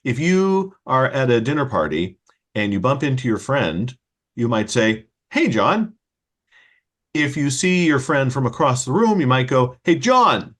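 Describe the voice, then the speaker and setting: A man's voice: mid-range voice, sing-song, moderate pace. A man hosting a casual conversation, explaining patiently and giving spoken examples. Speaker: host and children's author.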